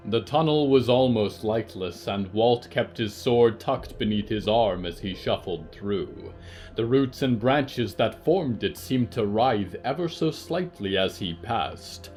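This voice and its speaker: Slow, low-voiced male storyteller. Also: expressive, a little mellow, faint music behind. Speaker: narrator. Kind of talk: scripted narration of horror fiction.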